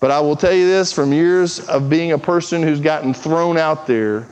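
A pastor preaching an earnest, urgent sermon, acting out quoted prayers and conversations. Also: male voice, fairly high pitch, normal speed, darkish tone, clear, resonant tone. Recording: muffled, with long hall reverb.

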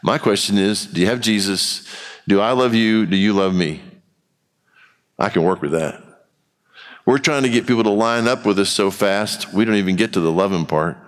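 A pastor preaches a sermon in a church sanctuary, speaking candidly and conversationally. His voice is on the low side at a normal speed, and the recording carries long hall reverb.

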